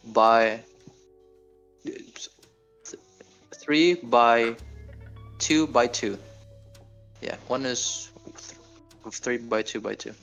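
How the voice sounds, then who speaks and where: A man playing a tabletop game on a stream, speaking hesitantly with many pauses and fillers. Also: mid-range voice, fairly bright tone, low-quality recording. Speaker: player.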